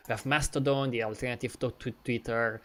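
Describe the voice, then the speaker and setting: A man in casual chat who talks with animated swings and swears a lot, acting out dialogue as he demos software. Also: medium pitch, a little fast. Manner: animated and profane, mimics dialogue, laughs. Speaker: co-host. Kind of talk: casual chat, screen-share demo.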